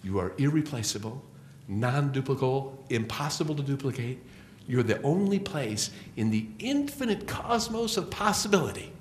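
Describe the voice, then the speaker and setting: A middle-aged man giving an inspirational spiritual talk as guest speaker in a church hall, telling stories with slow, emphatic rises and drops. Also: mid-range voice, expressive, a little hiss or hum. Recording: roomy hall echo.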